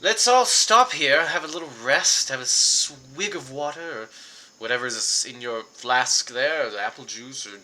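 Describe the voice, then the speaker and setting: A man's voice: mid-range voice, lively intonation, measured pace, bright, forceful tone. A man voicing a sweaty, blustering middle-aged hunter who brags and rambles. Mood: boastful. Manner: boastful, flustered and rambling.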